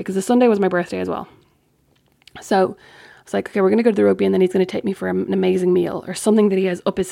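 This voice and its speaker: Chatty Irish woman with gravelly fry. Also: medium pitch, darkish tone. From Ireland. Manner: candid, chatty, acts out quoted dialogue. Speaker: podcast host. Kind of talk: casual storytelling monologue.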